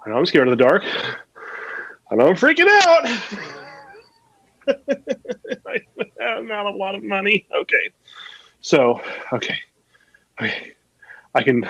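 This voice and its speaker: A man's voice: a little high, big pitch swings, drawn-out words, creaky, pauses often, a little mellow, breathy edge, no room sound, muffled recording, exaggerated voice. A man playing a panicked young man locked in a tomb in an improv scene, muttering frantic self-talk that turns into a mock-Shakespearean speech.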